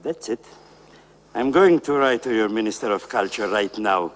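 An actor playing a pompous opera house manager who talks down to a singer. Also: male voice, fairly low pitch, expressive, normal speed, close to an everyday voice. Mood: stern. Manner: haughty, threatening.

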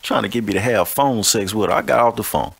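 A man's voice: on the low side, fast talker, vocal fry, fairly bright tone, husky. A man hosting a podcast, telling a boastful, profane story in a swaggering, mocking way. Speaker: podcast host.

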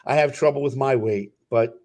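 A man with a South Jersey accent speaks as a comedian guest in a casual interview. He talks in an earnest, halting way, full of fillers and restarts. His voice sits in an ordinary middle range. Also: mid-range voice, darkish tone.

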